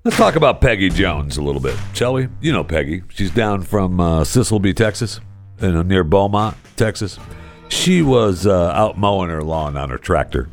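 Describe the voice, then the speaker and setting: A man hosting a podcast, telling news stories in casual solo commentary with a sarcastic, animated manner. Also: moderate pace, faint music behind. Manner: sarcastic, animated storytelling with big pitch jumps. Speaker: podcast host.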